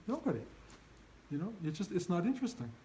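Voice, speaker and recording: A man's voice: high voice, sing-song, quick pace, mellow, a little hiss or hum, rough recording. An older man giving an informal spiritual talk to his students, earnest and emphatic, often acting out their inner voices. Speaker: spiritual teacher.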